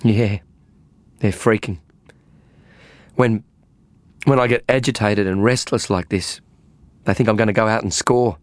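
A man's voice: lowish voice, steady tone, measured pace, pauses often, dry recording, voice pushed up, lightly acted. A man voicing a restless, needy thirty-year-old woman in an audiobook, pleading and agitated.

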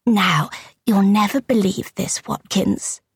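A woman's voice: medium pitch, takes it slowly, husky, no room sound, studio quality, pitched above the performer's own voice. A woman reading an audiobook voices a sly, spiteful elderly woman with a tiny, kittenish voice and a gossipy, catty manner.

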